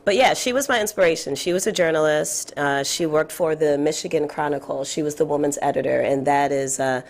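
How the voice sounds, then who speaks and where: A woman in her thirties with a raspy voice, talking reflectively as an interview guest, with many fillers. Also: low-pitched, brisk. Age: 30s. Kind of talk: casual interview chat.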